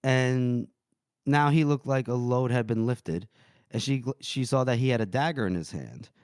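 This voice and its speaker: A man's voice: mid-range voice, normal speed, darkish tone, clean tone, no echo, clean studio sound. A man co-hosting a book podcast, retelling scenes casually and acting out characters' lines. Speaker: podcast co-host.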